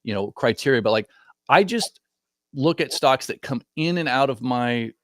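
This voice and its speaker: Middle-aged man, guest trader, rambling and reflective, mid-pitched voice, dry close sound. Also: expressive, normal speed, no echo. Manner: rambling, self-correcting, reflective. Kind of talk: casual chat.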